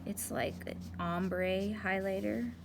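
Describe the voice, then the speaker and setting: A woman's voice: medium pitch, fairly even intonation, slow pace, gravelly, background noise. A young woman giving a casual, chatty math lesson, talking to herself playfully as she works through graphing problems. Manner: chatty, playful, talks to herself while working. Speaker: math teacher.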